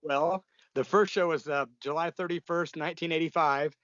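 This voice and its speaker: A man's voice: a little high, steady tone, moderate pace, fairly bright tone, dry recording, lo-fi sound. A man, a punk musician telling stories in a casual interview, blunt and profane, rambling with lots of fillers.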